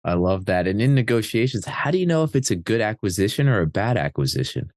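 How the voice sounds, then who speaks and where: A man hosting a podcast, asking interview questions in a halting way with frequent restarts. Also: fairly low pitch, sing-song, darkish tone, no echo, clean studio sound. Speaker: podcast host.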